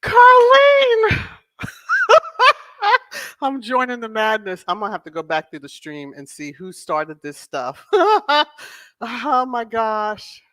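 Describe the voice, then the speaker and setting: A woman's voice: medium pitch, very animated, a little slow, fairly bright tone, no echo. A woman hosting a casual livestream, chatting affectionately with viewers and breaking into laughter often. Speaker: host of a royal-news channel.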